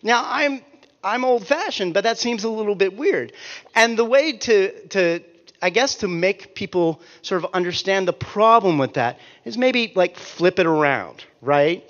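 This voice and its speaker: A man in his forties telling comic stories in an animated, ranting way, swearing and breaking off his own sentences. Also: sits high, measured pace, long reverb tail, dull audio. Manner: animated, ranting, profane, self-interrupting. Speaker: author and speaker. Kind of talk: comic storytelling talk.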